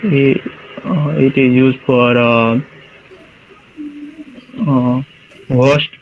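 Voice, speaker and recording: A young man answering exam questions with halting, filler-heavy replies over a video call. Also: mid-range voice, steady tone, narrow, tinny audio, slight background noise. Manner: hesitant, halting, many fillers. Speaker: student in an oral exam.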